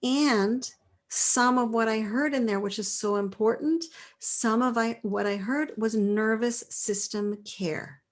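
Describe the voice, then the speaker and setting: Slow, gently affirming woman teacher. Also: a little high. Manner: gentle, affirming, laughs often. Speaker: course leader. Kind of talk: live online class, reading out chat replies.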